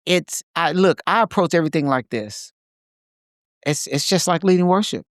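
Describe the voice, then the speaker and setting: A man's voice: on the high side, expressive, moderate pace, dry recording, studio quality. A man co-hosting a podcast in a reflective, casual conversation, speaking emphatically and repeating phrases to drive his points home. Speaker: podcast co-host.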